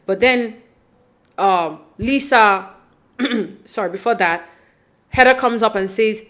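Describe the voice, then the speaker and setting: A woman's voice: medium pitch, fairly bright tone. Chatty woman recapping reality TV. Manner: chatty and opinionated, fast with many fillers and restarts; acts out quoted lines with mock voices. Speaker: podcast host recapping reality TV. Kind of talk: casual recap commentary.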